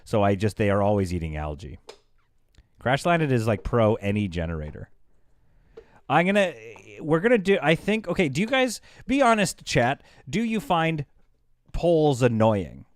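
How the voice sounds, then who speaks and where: A man livestreaming a game, chatting casually with his audience, animated and quick to laugh. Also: medium pitch. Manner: chatty, talks to chat. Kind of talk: casual live game commentary.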